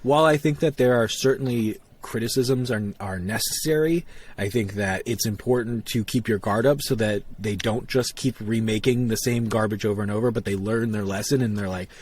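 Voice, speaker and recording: A man co-hosting a podcast in casual chat, nerdy and animated, often acting out quotes in funny voices. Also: on the low side, a little fast. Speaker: podcast co-host.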